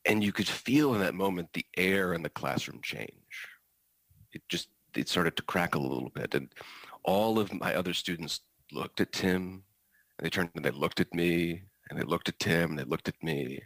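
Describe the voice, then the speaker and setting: Deep man's voice, teacher storytelling, understated, dry close sound. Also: normal speed, a bit bright, no echo, poor audio. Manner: dry, understated delivery with fillers. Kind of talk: storytelling performance.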